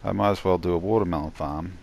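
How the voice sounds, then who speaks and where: Tired male gameplay narrator with a deep, gravelly voice and an unhurried, meandering delivery, soft hiss in the background. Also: steady tone. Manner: rambling, halting, many restarts and fillers. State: tired, yawning. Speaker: gameplay commentator. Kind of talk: relaxed gameplay voice-over.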